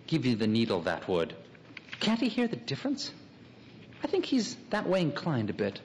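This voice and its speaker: A man's voice: medium pitch, slight background noise. A man playing a wry, musing city man. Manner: drifting inner monologue, wry asides. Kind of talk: radio drama acting. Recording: long hall reverb, faint ambience.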